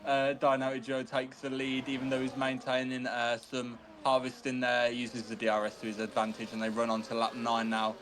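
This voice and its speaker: A man's voice: mid-range voice, normal speed, few pauses, background noise. A man co-commentating an online sim race, chatting about the driving and checking viewer chat. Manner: steady, chatty co-commentator who reads the chat.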